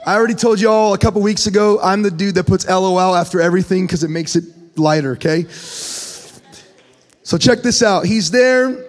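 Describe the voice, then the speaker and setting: A man preaching in a church sanctuary with a notably high voice. He jokes, tells stories and reads scripture aloud in an animated way, and a long hall reverb trails each phrase. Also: moderate pace, soft background music. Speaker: pastor. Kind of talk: sermon.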